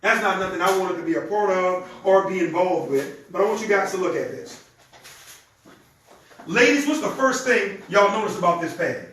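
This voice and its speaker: A man giving an energetic live sales demonstration, talking straight to his audience in a conversational way. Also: sits high, normal speed. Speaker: presenter of a product demonstration. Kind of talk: live-streamed sales pitch. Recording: very echoey room, distant mic, faint noise.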